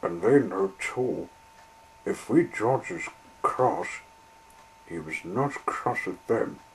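A man reading a children's story aloud in a slow, deliberate way. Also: on the low side, lively intonation, slight background noise, low-quality recording.

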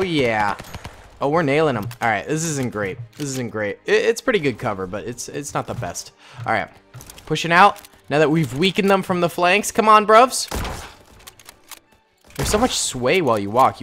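A man giving jokey, excitable gameplay commentary, bursting into yelps and shouts. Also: mid-range voice, normal speed, faint music behind. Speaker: gaming YouTuber.

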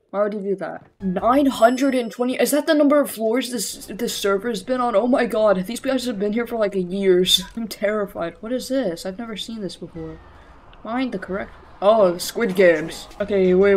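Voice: medium pitch, normal speed. Rambling, sarcastic gaming commentator. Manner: rambling, self-correcting and sarcastic; jokey, excitable outbursts. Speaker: gaming video creator. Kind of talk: casual gameplay commentary.

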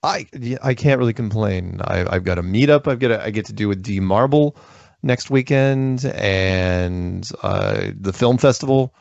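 A man's voice: fairly low pitch, moderate pace, vocal fry, a little mellow, dry recording, muffled recording. A man hosting a call-in show, joking and rambling, laughing often. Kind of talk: casual call-in chat.

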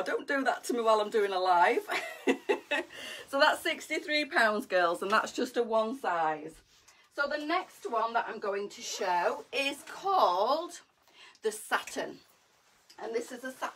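A woman's voice: a little high, fairly bright tone. A middle-aged woman chatting bubbly to viewers as she models coats on a live shopping stream. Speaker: fashion boutique live seller. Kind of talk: live sales chat to viewers. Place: indoors, live video stream.

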